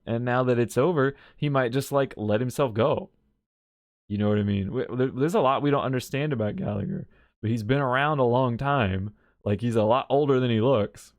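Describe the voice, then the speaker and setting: A man's voice: medium pitch, a little mellow, dry recording, studio quality. A man casually recapping and commenting on a video game story, rambling and correcting himself as he goes, with frequent chuckles.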